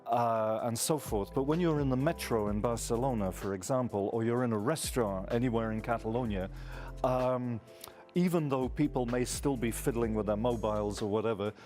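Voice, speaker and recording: A man from London, telling unhurried stories as a guest on a radio chat show. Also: mid-range voice, a little mellow, soft background music.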